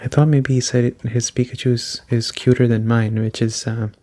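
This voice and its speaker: A man giving soft-spoken ASMR gameplay commentary, with casual joking asides and a voice going hoarse. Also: medium pitch, flat delivery, normal speed. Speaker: let's play host.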